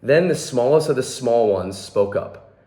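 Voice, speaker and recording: A man's voice: medium pitch, expressive, measured pace, dark tone. A young man volunteering at a children's hospital, reading a picture book aloud and adding friendly asides about the pictures. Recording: echoey room.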